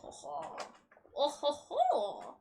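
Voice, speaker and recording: A woman's voice: sits high, takes it slowly, voice pushed up, exaggerated voice. Woman doing a hammy French waiter. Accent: fake French. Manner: playful, exaggerated "oh ho ho". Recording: steady background noise.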